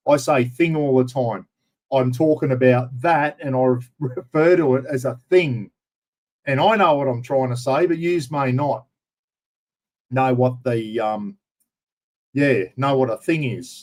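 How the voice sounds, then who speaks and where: A man's voice: mid-range voice, measured pace, darkish tone. An older Australian man hosting a casual livestream, rambling and greeting viewers by name in broad slang. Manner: broad slang, says bloody often. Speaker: livestream host. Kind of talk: casual live chat.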